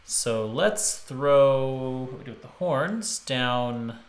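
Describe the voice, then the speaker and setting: A man's voice: mid-range voice, expressive, takes it slowly. A man arranging music on a live stream, thinking aloud with restarts and chatting to viewers. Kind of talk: casual live-stream commentary. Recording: roomy with instrument playback. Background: musical instrument playback.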